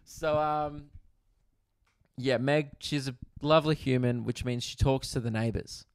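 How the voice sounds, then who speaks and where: A man's voice: medium pitch, fairly even intonation, takes it slowly, long pauses, clean tone, no room sound, clean studio sound. A young Australian man hosting a comedy podcast, telling crude, profane stories with lots of asides from a hotel room. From Australia, Victoria. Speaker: comedian host.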